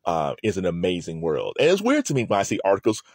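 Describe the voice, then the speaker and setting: A man's voice: deep voice, quick pace, breathy edge, no echo, clean studio sound. A man hosting a video, talking casually and laughing often as he chats to the camera. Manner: animated, laughs often, loose and chatty. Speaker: video host.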